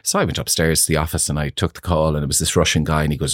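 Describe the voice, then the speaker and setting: A man's voice: extremely low pitch, flat delivery, very fast, hardly any pauses, a bit bright, no room sound, studio quality. A middle-aged man, a salon owner, telling stories in a chatty interview with frequent laughs and "you know". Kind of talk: casual interview storytelling.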